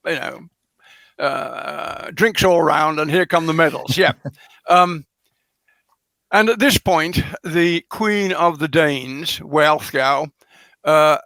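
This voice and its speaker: A man being interviewed as a scholar, explaining carefully in an unhurried lecturing way, full of ums and restarts. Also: a little high, a bit bright, no echo. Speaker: guest scholar. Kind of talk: lecturing conversation.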